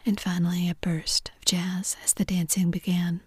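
Lady whispering a novel, whispered role-play, soft n even, low-ish husky voice, dry room. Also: moderate pace, no echo. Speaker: reader.

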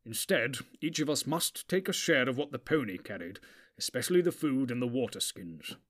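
A commanding old wizard, as a male narrator puts him on. He speaks slowly and with weight. It is a storybook reading. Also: mid-range voice, animated, a bit bright. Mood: grave. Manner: slow, weighty, deliberate. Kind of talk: audiobook character voice.

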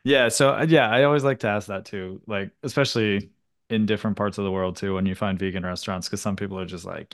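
A man's voice: lowish voice, steady tone, fast. A man hosting a podcast in casual chat, telling stories with acted-out quotes and casual swearing. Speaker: podcast host.

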